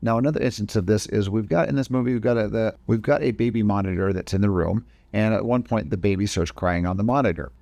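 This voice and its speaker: A man's voice: on the low side, fast talker, vocal fry, hardly any pauses, darkish tone, dry recording. A man teaching video editing in a casual, step-by-step screen-recorded tutorial, often correcting himself mid-sentence. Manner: casual step-by-step explaining, frequent self-corrections.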